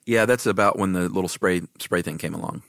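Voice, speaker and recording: Very low-voiced laid-back man. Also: brisk, vocal fry, fairly bright tone, dry recording, studio quality. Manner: laid-back, sardonic quips. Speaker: podcast co-host. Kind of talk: casual chat.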